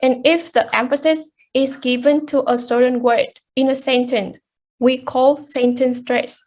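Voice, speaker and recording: High-voiced young woman presenting in class. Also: little pitch movement, a little slow, darkish tone. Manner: hesitant, many fillers and restarts. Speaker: student presenter.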